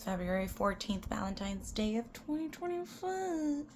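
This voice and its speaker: A woman's voice: high voice, expressive, measured pace, hardly any pauses, darkish tone, slight background noise. A woman in her twenties from the US-Mexico border region, chatting casually to camera as a vlogger. She rambles and swears, and often drops into whispered asides.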